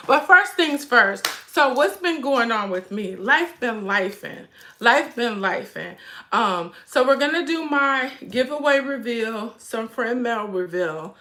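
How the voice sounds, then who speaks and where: A woman's voice: mid-range voice, bright, forceful tone. A woman, hosting a casual handbag livestream, chatty and emotional, fighting back tears. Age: 40s. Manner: chatty, addresses viewers as y'all. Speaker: handbag vlog host.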